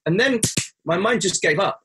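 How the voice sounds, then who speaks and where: Against a noisy background, a man with a high-pitched, animated voice tells a personal story as a guest at a moderate pace. He comes across as earnest and reflective, and he rises sharply whenever he quotes his own words.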